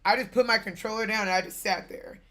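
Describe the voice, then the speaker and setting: A young woman streaming games, telling a family story in a casual, animated way with bursts of laughter. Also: medium pitch, fast. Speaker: gaming streamer.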